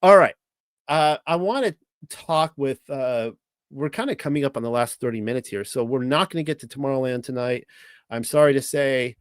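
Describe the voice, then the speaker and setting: A man's voice: medium pitch, no echo. Rambling Californian man, dry close sound. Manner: rambling, halting, with many restarts and fillers. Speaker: host. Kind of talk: casual monologue.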